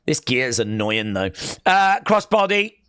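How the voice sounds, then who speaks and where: A young man hosting a live wrestling watch-along, calling the action and chatting with viewers, often shouting at big moves. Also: medium pitch, big pitch swings, a little slow, clean tone, dry recording, studio quality.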